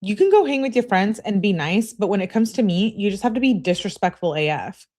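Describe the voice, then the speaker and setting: A woman's voice: mid-range voice, sing-song, brisk, a little mellow, voice pushed up. A woman reading aloud as an upset teenage girl, clingy and indignant, complaining in an exasperated way. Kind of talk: reading text messages aloud.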